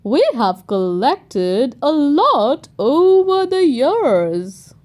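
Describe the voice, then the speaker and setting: A woman's voice: high voice, very animated, very slow, darkish tone, exaggerated voice. A woman reading aloud and voicing a jolly old grandfather pig in a hearty, playful way.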